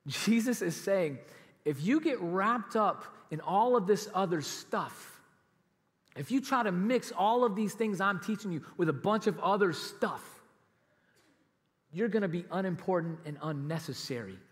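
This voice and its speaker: A man's voice: high voice, lively intonation, unhurried, long reverb tail. A man preaching a sermon as pastor, emphatic and conversational, with laughs and casual asides. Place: church auditorium.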